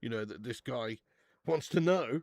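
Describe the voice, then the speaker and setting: A man's voice: medium pitch, expressive, unhurried, vocal fry, darkish tone, dry recording. A young man hosting a live watch-along stream, bantering with viewers, swearing and laughing often. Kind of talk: live casual chat to viewers.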